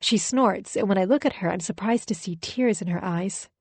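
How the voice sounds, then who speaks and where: A woman's voice: mid-range voice, moderate pace, a little mellow, husky, no echo. Woman narrating a thriller audiobook, dry sound. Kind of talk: first-person thriller narration.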